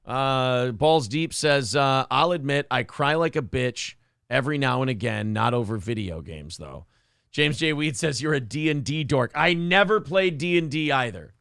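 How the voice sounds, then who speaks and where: Gravelly-voiced man hosting crude chat. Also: mid-range voice, expressive, moderate pace, fairly bright tone, dry recording, clean studio sound. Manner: crude, joking, self-mocking. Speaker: morning show host reading live chat. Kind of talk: casual profane chat.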